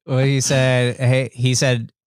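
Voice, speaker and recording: A man co-hosts a relaxed podcast from a small studio. He speaks at a mid pitch in short, easygoing replies. The sound is close and dry. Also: slow, clear, resonant tone, no room sound. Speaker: podcast co-host. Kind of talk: casual podcast chat.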